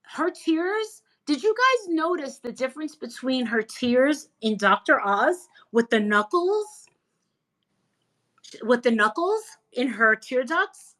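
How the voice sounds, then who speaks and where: A woman guest in a casual chat, talking in an animated, emphatic, gossipy way. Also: high-pitched, takes it slowly, poor audio. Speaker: interview guest.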